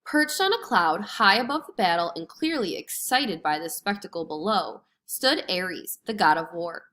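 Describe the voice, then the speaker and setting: Expressive woman reading a story aloud. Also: on the low side, normal speed. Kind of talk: storybook read-aloud narration.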